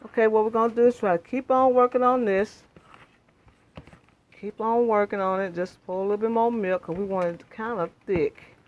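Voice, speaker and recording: A woman's voice: mid-range voice, steady tone, normal speed, dull audio. A woman hosting a home cooking demonstration in her kitchen, chatting homely with viewers. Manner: homey, chatty, addresses viewers as y'all. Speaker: cooking channel host.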